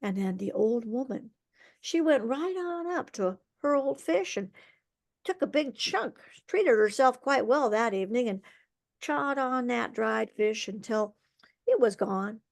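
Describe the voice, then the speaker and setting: A woman storyteller telling a folk tale aloud over a video call, lively and expressive, with vocal sound effects. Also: a little high, measured pace, creaky.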